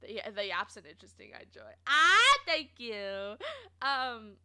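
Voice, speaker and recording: A young adult woman streaming, chatting casually and rambling through a story, quoting people in animated voices, laughing often and filling pauses. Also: mid-range voice, clean tone. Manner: animated and giggly, lots of fillers, quoting others in lively voices.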